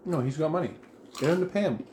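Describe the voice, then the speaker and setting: A man's voice: fairly high pitch, lively intonation, quick pace, a little mellow. A man playing a tabletop game, joking and pushy in his banter with the table. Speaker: player. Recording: roomy with faint noise.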